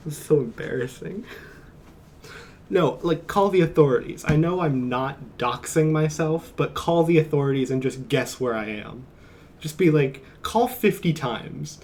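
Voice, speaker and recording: A man's voice: on the high side, a little slow, darkish tone, slight background noise. A man streaming from home, chatting casually in a rambling, jokey way and chuckling often. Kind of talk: casual live-stream chat.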